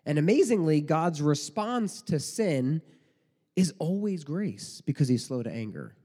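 A man's voice: fairly high pitch, sing-song, a little slow, dark tone, husky. A man preaching a sermon in a conversational way, full of rhetorical questions and mock quotes. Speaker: pastor. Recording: long hall reverb.

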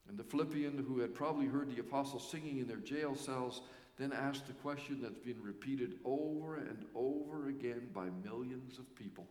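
A male pastor delivers a sermon in a church sanctuary, leaning on key words and pausing for effect. His voice sits at an ordinary pitch and carries a long, roomy reverb from the hall. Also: darkish tone. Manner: earnest preaching with pauses for emphasis.

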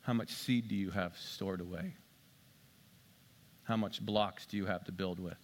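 A man's voice: sits low, fairly even intonation, unhurried. A male pastor delivering a sermon in a conversational way, asking the congregation rhetorical questions and slipping in dry, sarcastic asides.

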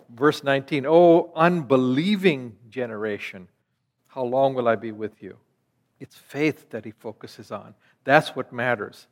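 A man's voice: on the high side, fairly bright tone, long reverb tail. A man preaching a sermon in an earnest teaching manner, asking rhetorical questions.

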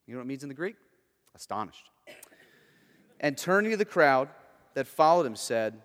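A male pastor preaching a sermon, moving between hushed and emphatic delivery. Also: mid-range voice, animated, moderate pace, long reverb tail.

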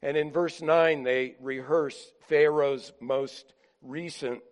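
A man preaching a sermon as a pastor, earnest and conversational, pausing on fillers. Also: on the high side, steady tone.

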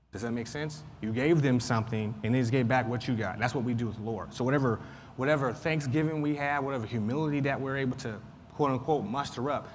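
Man, Sunday school teacher, chatty Bible lesson, lingering reverb and faint hiss. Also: medium pitch. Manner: conversational, repeats points, frequent fillers. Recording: faint noise, long room reverb.

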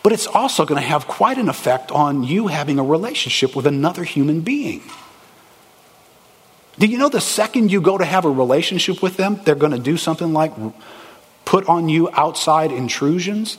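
A man preaching a sermon as a pastor, animated and conversational, asking the congregation rhetorical questions. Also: a little high, normal speed, breathy edge. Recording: echoey hall, long reverb.

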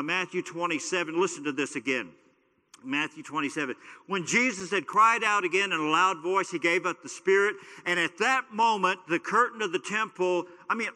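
A man's voice: a little high, pushed and bright. A man preaching as a pastor, teaching in a loose, conversational way with stories and frequent fillers. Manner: conversational, storytelling, many fillers. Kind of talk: casual sermon teaching. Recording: long hall reverb.

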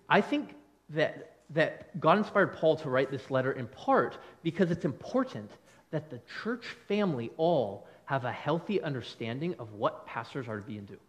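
Animated high-voiced male pastor preaching. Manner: animated, conversational preaching with quick acted-out quotes. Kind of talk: sermon.

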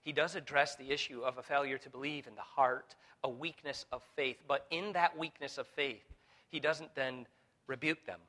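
A man preaching a sermon as pastor, building to fervent peaks, with halting restarts and fillers along the way. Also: mid-range voice, fairly even intonation, sharp tone. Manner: preaching with rising intensity, voicing Jesus in quotes.

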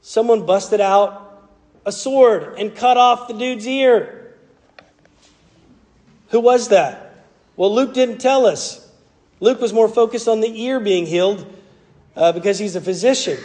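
High-voiced Southern preacher in a reverberant hall. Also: male voice, animated, unhurried, long pauses, darkish tone. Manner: earnest, conversational preaching. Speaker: pastor. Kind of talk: sermon.

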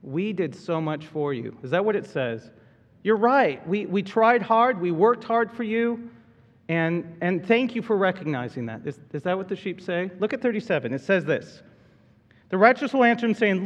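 A man's voice: sits high, expressive, normal speed. A man preaching a sermon in a conversational way, often repeating and restarting his words. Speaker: pastor. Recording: dull reverberant hall sound.

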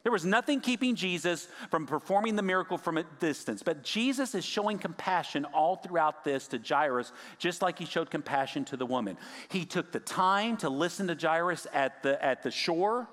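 A male pastor preaching a sermon, swinging from raised emphasis down to hushed, near-whispered lines. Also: high-pitched, big-room sound.

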